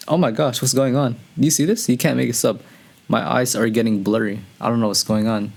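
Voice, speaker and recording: A man hosting a music reaction video, talking casually and excitedly to his viewers and often breaking into higher, louder exclamations. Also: a little fast, gravelly. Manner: excitable, slangy, talks to viewers as "bro".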